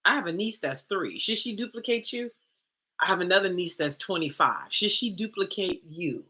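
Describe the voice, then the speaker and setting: Woman livestream host, blunt and challenging, swooping pitch, bright voice. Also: expressive, normal speed. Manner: blunt, confrontational, full of rhetorical questions. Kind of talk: livestream talk.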